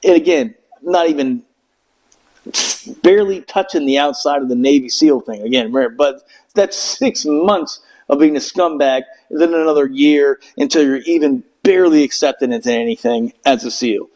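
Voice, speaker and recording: A man's voice: a little high, normal speed, darkish tone, low-quality recording. A middle-aged man, a veteran, telling a long story in casual podcast chat, cursing freely and breaking into voices of the people he describes. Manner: profane, rambling storyteller who acts out voices. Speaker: veteran telling war stories.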